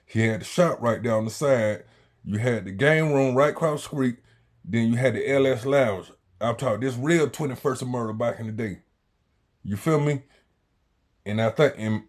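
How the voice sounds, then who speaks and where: A man, telling a story in slangy casual talk that swings between loud and quiet. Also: medium pitch. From Jacksonville, Florida, US. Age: 40s.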